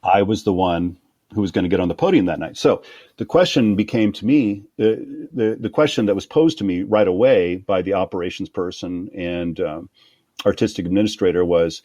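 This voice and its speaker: A middle-aged man, a conductor, telling career stories in an interview, acting out other people's voices with quick laughs. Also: sits low, no echo, muffled recording. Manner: animated anecdotes, acting out quoted voices with laughs. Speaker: guest conductor. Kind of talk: storytelling interview.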